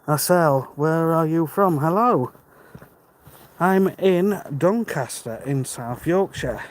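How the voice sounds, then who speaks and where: A British man walks along a dark rural road outdoors, reading chat and talking casually to his live stream in a friendly, think-aloud way. His voice is a little high and his pace slow. The rough recording carries faint outdoor noise, with birds and passing cars in the background.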